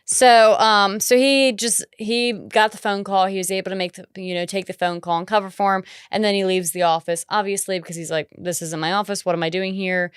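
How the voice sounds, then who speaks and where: A woman with a very smooth, resonant voice co-hosts a casual movie podcast, recorded dry and close. She walks through the plot in a relaxed way, dropping in teasing remarks. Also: mid-range voice, a little fast, hardly any pauses, dry recording. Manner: laid-back plot recapping, dry teasing asides. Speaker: podcast co-host. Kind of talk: casual movie-review chat.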